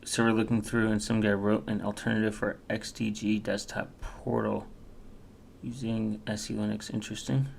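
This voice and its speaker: A man's voice: lowish voice, flat delivery, moderate pace, gravelly, a little mellow, slight background noise. A man from the United States rambling casually while browsing, with many fillers and self-corrections.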